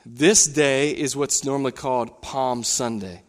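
A male pastor delivering a sermon in a church sanctuary, with a voice of middle pitch. He preaches with animation, swelling higher and louder when he retells a scene. A long reverb trails each phrase. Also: steady tone, measured pace.

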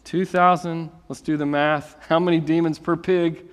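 A man preaching a sermon, reading scripture and then explaining it in a lively, conversational storytelling way. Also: a little high, normal speed, clear, resonant tone, long reverb tail. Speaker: pastor.

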